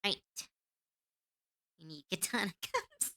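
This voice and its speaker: A woman's voice: lowish voice, huge pitch swings, slow pace, bright, forceful tone. A woman streamer chatting casually to her viewers, rambling and giggling between thoughts.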